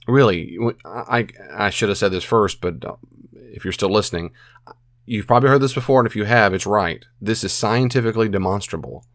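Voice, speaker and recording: A man's voice: lowish voice, a little fast, dry recording, clean studio sound. A man giving earnest, casual advice as a podcast host, repeating phrases and acting out his own self-talk. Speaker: podcast host answering a listener.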